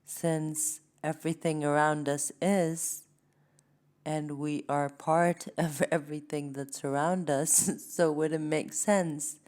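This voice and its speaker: A woman hosting a tarot reading channel, talking casually and rambling, with restarts and soft laughs. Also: deep voice, creaky. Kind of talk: casual spiritual talk to camera.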